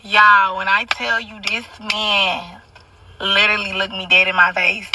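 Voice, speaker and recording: A woman's voice: mid-range voice, little pitch movement, measured pace, far from the mic, background noise. A young woman telling a story in a casual monologue, brash and profane, with constant asides to her listeners.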